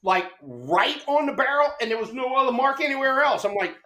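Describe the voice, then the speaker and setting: A man's voice: extremely high pitch, lively intonation, fairly quick, sharp tone. A man co-host telling baseball stories in a brash, profane, emphatic way. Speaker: podcast co-host, former ballplayer. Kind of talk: casual storytelling.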